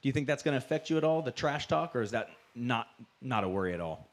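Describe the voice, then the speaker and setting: A man's voice: mid-range voice, animated, fast talker. A man who commentates fights, moderating a press conference and asking fighters questions in a chatty, enthusiastic way with lots of fillers.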